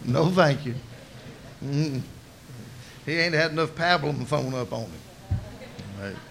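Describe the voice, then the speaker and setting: A male preacher delivering a sermon like a told story, folksy and full of colloquial asides. His voice is bright and ringing and sits fairly high for a man. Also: slow, gravelly.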